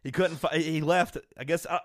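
A man with a fairly high voice tells a rowdy story in casual podcast chat. He acts out the quotes and laughs as he goes. His delivery is lively and loose. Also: moderate pace, dry recording. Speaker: podcast co-host.

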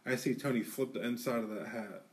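A man's voice: mid-range voice, fairly quick. A man co-hosting a podcast, telling a rowdy story in a casual, profane way and acting out what people said. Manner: animated, profane, acts out quotes. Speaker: podcast co-host. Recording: distant mic in a studio.

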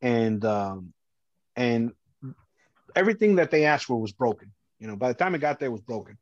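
A man's voice: mid-range voice, expressive, moderate pace, no echo, lo-fi sound. A former police officer telling his own story as a podcast guest, intense and emphatic, repeating phrases for weight. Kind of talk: emotional first-person storytelling.

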